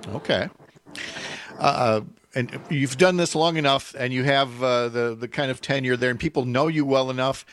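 A man's voice: mid-range voice, normal speed, fairly bright tone. A man hosting a casual radio interview, joking with his guest and stumbling through restarts. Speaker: radio host.

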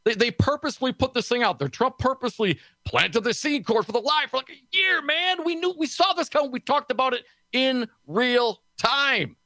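A man co-hosting a political talk radio show in a studio, sarcastic and snarky, talking fast with lots of restarts. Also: very high-pitched, animated, sharp tone, dry recording.

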